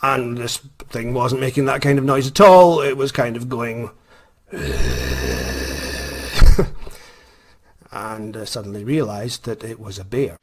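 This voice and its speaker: A man's voice: mid-range voice, fairly even intonation, normal speed, hardly any pauses, slight background noise. A Scottish man, an author, tells a story in a rambling, self-mocking way, hesitating with many ums. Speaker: author, vlogger. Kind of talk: casual storytelling.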